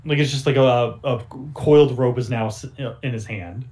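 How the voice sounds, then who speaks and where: A man's voice: mid-range voice, normal speed, a little mellow. A man running a tabletop game as game master, narrating casually with lots of fillers. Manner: casual, filler-heavy storytelling.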